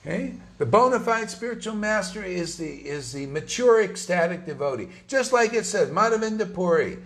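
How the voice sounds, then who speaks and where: High-voiced man giving an emphatic sermon. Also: lively intonation, moderate pace, fairly bright tone. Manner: emphatic, conversational, slangy asides. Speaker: spiritual teacher. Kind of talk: informal sermon.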